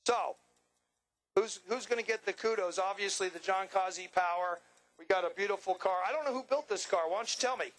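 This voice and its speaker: A man's voice: sits high, a little fast, fairly bright tone, low-quality recording. A man announcing and interviewing racers in a drag strip winner's circle, joking and bantering with brash energy. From Long Island, New York. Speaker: track announcer.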